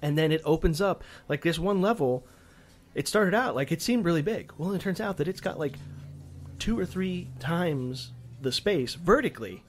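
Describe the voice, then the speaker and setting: Animated rambling man, swearing casually. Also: fairly high pitch, moderate pace, slight background noise. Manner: rambling, animated, swears freely, restarts often. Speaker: podcast co-host. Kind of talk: casual chat.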